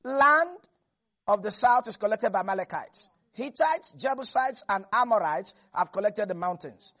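A man preaching a sermon, his voice pitched high and slightly husky. He is animated, acting out the people in the story as he goes and breaking into laughter often. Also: normal speed, dull audio. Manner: animated, acts out biblical figures, laughs often.

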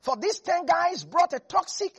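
A preacher delivering a lively sermon, laughing and acting out Bible characters. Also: very high voice, moderate pace.

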